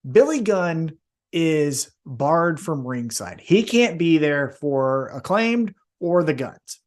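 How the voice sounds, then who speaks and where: A man's voice: on the high side, lively intonation, slow. A man co-hosting a casual podcast, talking animatedly, swearing freely and acting out wrestlers in jumpy voices. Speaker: podcast co-host.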